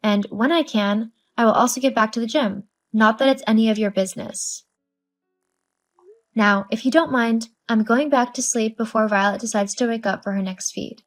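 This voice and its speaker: A woman's voice: fairly high pitch, moderate pace, faint music behind, close to an everyday voice. A woman voicing a tired young new mother who answers with dry sarcasm in a scripted story. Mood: firm.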